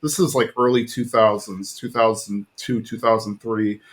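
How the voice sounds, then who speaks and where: A man in his thirties co-hosting a podcast, recapping a cartoon episode in a rambling, animated way with lots of filler words. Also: fairly low pitch, moderate pace. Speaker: podcast co-host.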